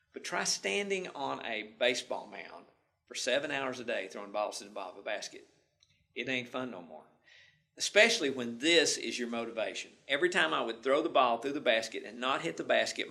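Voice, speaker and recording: Folksy man with a bright voice. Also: medium pitch, expressive, fairly quick, creaky. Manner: folksy, homespun phrasing. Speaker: instructor. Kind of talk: storytelling lecture.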